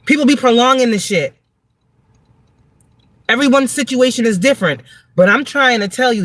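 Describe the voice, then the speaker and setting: A woman's voice: a little high, no room sound. Blunt, cussing woman tarot reader preaching to her viewers, dry close sound. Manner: emphatic, repeats words for stress. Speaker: tarot reader and spiritual advisor. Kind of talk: livestream tarot reading monologue.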